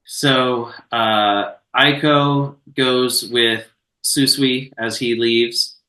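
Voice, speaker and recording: A man co-hosting a podcast recaps a film in a loose, profane storytelling style. His voice is bright and forward. He sits a little back from the mic, and the room around him is echoey. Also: mid-range voice, steady tone, extremely slow, distant mic. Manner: laid-back, profane storytelling with filler words. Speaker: podcast co-host. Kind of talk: casual chat recapping a film.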